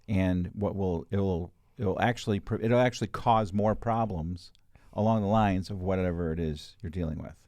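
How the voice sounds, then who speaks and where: A man's voice: low voice, a little mellow, no echo, clean studio sound. A man hosting a podcast in casual chat who jokes around and laughs often. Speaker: podcast host.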